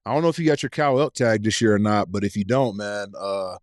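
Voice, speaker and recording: A man's voice: on the low side, lively intonation, brisk, no echo, clean studio sound. Profane storyteller man. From East Tennessee. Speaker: podcast guest. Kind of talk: casual chat.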